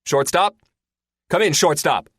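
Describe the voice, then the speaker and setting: A male narrator voicing a brash fighter pilot who shouts orders and curses mid-dogfight. The voice is pushed high and loud with a lively rise and fall, recorded dry and close. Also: moderate pace, dry recording. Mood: shouting. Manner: barking orders, swearing. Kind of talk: audiobook character voice.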